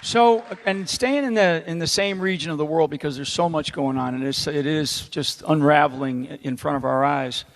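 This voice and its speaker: Halting male moderator in a hall. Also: a little high, slight background noise. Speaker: moderator, retired general. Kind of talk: asking a question at a roundtable. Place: large indoor theater. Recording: long hall reverb, faint crowd.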